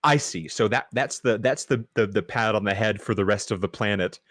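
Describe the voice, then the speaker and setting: A man's voice: lowish voice, fairly even intonation, fairly quick, fairly bright tone, no echo, clean studio sound. A man co-hosting a casual film podcast, talking thoughtfully with many stammered restarts. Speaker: podcast co-host.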